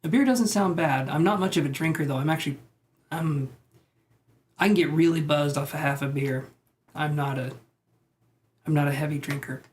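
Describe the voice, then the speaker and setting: On a live stream, a tarot reader rambles and chats with viewers, reacting casually to their comments. His voice is a little high and darkish, his pace moderate with frequent pauses, and there's a faint hiss or hum in the background.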